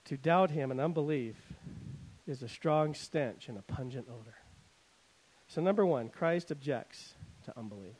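Animated man preaching a sermon. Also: medium pitch, moderate pace, slightly rough, low-quality recording. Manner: animated preaching, dramatic swings between loud emphasis and quiet asides; paraphrases scripture in a conversational, wry tone. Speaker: pastor.

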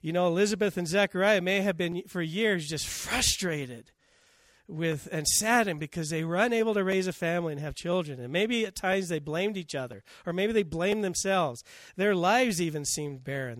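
A man's voice: sits high, fairly bright tone, no echo, studio quality. A man preaching a sermon, telling scripture stories and acting out the quotes. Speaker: pastor.

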